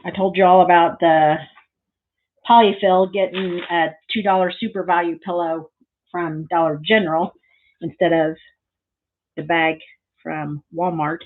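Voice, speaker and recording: A woman with a fairly low voice talks through a crafting project in an easy, meandering way. She drifts into side stories and keeps filling pauses with ums. The recording sounds thin and tinny, like a phone line. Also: fairly even intonation. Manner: rambling, chatty, lots of ums and side stories. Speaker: craft vlogger. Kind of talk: casual crafting tutorial chat.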